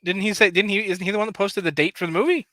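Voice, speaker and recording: A playful man chatting on a live stream who likes to break into silly accents. His voice is bright and forceful, pitched a little high. The recording is dry and close. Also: racing, dry recording. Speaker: podcast co-host. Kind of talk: casual chat.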